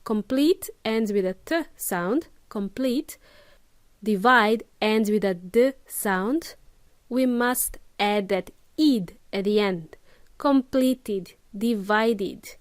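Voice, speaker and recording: A woman's voice: mid-range voice, slow pace, dry recording. A woman hosting a podcast English lesson, explaining pronunciation patiently and checking in with her listeners often. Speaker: English teacher, podcast host. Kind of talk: casual spoken lesson.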